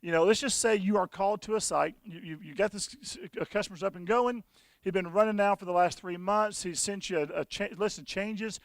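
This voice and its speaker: Folksy guy giving a conference demo, raspy edge, kinda highish voice. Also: a little fast, dry recording. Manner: folksy storytelling, frequent restarts. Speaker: conference presenter. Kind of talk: conference talk with software demo.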